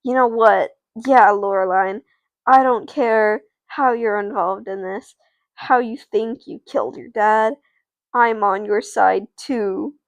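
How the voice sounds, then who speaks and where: A woman voicing an awkward, unsure teenage boy in narrated doll play, speaking up loudly. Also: medium pitch, slow pace, no echo. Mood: resolute.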